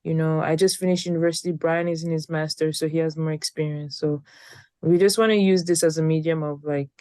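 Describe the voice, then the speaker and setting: A woman's voice: low-pitched, steady tone, a little fast, dark tone, no room sound. A young woman in her twenties co-hosting a casual podcast, a little tired and rambling, with frequent restarts. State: tired, yawning. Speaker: podcast co-host.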